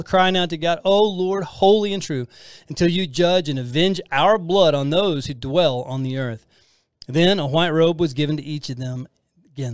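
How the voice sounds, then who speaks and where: A man's voice: a little high, dry recording. Earnest man teaching scripture, dry sound. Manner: earnest, rambling with many restarts and fillers. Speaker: podcast host teaching the Bible. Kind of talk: casual Bible teaching.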